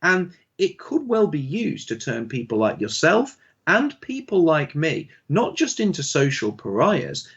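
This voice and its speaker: A man speaking as a radio show guest over a phone line, earnest and animated. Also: on the high side, husky. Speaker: guest commentator on a call-in.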